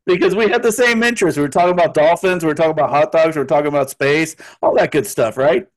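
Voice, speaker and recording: A man's voice: fairly high pitch, fairly quick, pauses often. A man in casual banter, dropping crude jokes and leaning on "you know" fillers. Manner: filler-heavy, crude joking asides. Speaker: podcast co-host.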